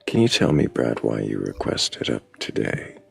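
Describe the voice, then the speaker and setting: Man, livestream host, calm and measured, dry wit, lively swooping delivery. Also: very deep voice, creaky, breathy edge, soft background music. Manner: calm, measured, gently wry. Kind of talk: casual livestream chat.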